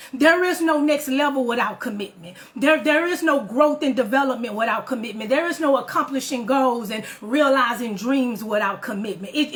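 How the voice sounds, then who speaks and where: A woman giving a motivational talk, emphatic and repetitive, with preacher-like build-ups and direct questions to the listener. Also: high voice. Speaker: motivational speaker.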